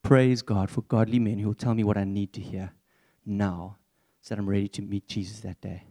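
Young male preacher, relaxed warm timbre, earnest and chatty. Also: lowish voice, moderate pace. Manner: earnest, conversational, candid. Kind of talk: church sermon.

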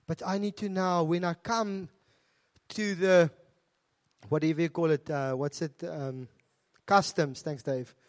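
High-voiced South African male pastor preaching. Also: fairly even intonation, a little slow, long pauses. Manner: earnest, conversational preaching with asides to the congregation. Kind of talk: sermon. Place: church.

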